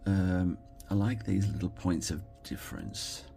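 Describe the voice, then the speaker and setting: An Australian man talking casually as he makes a card, thinking aloud and quietly murmuring approval at his work. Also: low-pitched, measured pace, gravelly, soft background music. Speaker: card-making crafter. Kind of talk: casual commentary while crafting.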